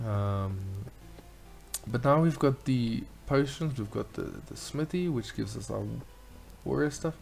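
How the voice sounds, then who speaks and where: A man's voice: medium pitch, a little slow, gravelly, a little mellow, faint music behind. A man hosting a let's play, chatting casually and reading game dialogue aloud in a playful way. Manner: chatty, playful, reads lines in silly voices.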